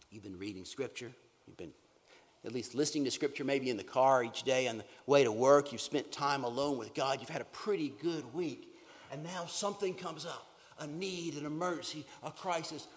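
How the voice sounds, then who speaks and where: A man preaching a sermon as pastor, shifting between hushed, whispered lines and loud, emphatic ones. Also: fairly high pitch, expressive, moderate pace. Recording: reverberant hall.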